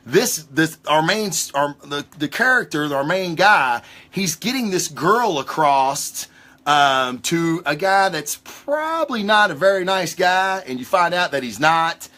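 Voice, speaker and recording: Excitable, profane male comics host. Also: fairly high pitch, normal speed. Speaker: comic book show host. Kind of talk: casual livestream review.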